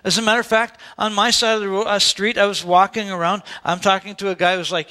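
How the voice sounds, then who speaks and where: A man's voice: high voice, flat delivery, fast, few pauses, sharp tone. A male pastor preaching a sermon in a church, telling stories in a conversational way with asides to the congregation.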